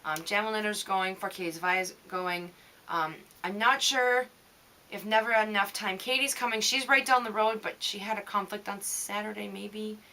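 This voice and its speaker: A young woman hosting her knitting video blog, chatting in a loose, rambling way with many pauses and little laughs. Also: medium pitch, steady tone, bright, forceful tone. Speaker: knitting vidcast host. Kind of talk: rambling casual vlog chat.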